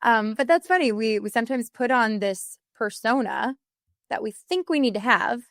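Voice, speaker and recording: A woman hosting a podcast, chatting in a lively, friendly way. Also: fairly high pitch, normal speed, no room sound, studio quality. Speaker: podcast host, voiceover artist. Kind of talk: casual conversational interview.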